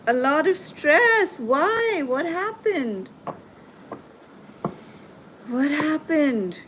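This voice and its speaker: A woman hosting a live tarot and coaching stream, talking gently and reassuringly to her viewers as she reads their comments. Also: high-pitched, very animated, slight background noise, low-quality recording. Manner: soothing, reassuring, slow and gentle.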